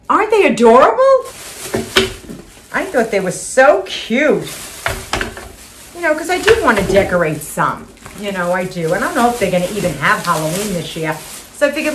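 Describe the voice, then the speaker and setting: Against a noisy background, an older woman with a mid-range voice shows off her shopping haul at home in a casual vlog, gushing, repeating herself, and laughing a little.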